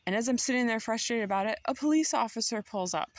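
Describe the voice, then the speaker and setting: A woman's voice: on the high side, expressive, fast, few pauses, no room sound, studio quality. Chatty woman vlogging her story. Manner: emotional, laughing, talks to viewers as y'all. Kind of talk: casual storytelling vlog.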